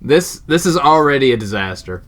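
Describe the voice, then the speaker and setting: A man's voice: mid-range voice, very animated, normal speed. A young man hosting a casual podcast, full of crude jokes and banter. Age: young adult. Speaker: podcast host.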